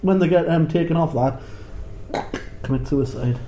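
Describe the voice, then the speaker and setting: Giggly high-voiced man, roomy echo. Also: normal speed, mellow, lo-fi sound. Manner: giggly, rambling, searches for words. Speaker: podcast co-host. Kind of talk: casual beer-tasting chat.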